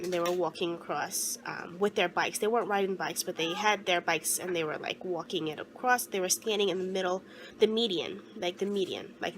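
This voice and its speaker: A young woman vlogger telling a personal story in an earnest, halting way, often restarting her sentences and close to tears. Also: medium pitch, background noise.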